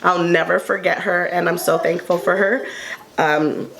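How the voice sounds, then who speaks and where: A woman co-hosting a casual table talk, telling a heartfelt personal story in an earnest way with many pauses and ums. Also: on the low side, fairly even intonation, creaky, a bit bright. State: tearful at moments. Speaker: panel co-host sharing her story.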